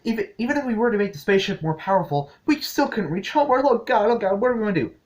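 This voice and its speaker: A fussy alien woman in full panic, babbling her worries in a high, strained voice, as a man puts her on. She frets frantically, words tumbling out at a rush. The pitch jumps far above his own. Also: expressive, very fast. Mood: panicked. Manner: frantic, breathless fretting.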